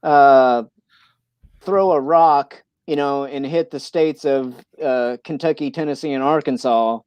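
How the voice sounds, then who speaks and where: A man from Missouri rambles through a casual livestream chat, full of "you know" and restarted sentences. His voice is smooth and clear, recorded dry and close with no room sound. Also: medium pitch, unhurried, a little mellow, dry recording, muffled recording. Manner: rambling, many fillers and restarts. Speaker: livestream host.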